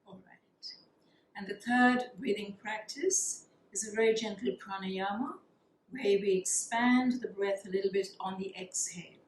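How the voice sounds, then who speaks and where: A woman teaching a yoga class, guiding breathing practices in a calm, soothing way and counting the breaths. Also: medium pitch, a little slow, slight background noise. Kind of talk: guided yoga breathing instruction. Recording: echoey room with faint ambience.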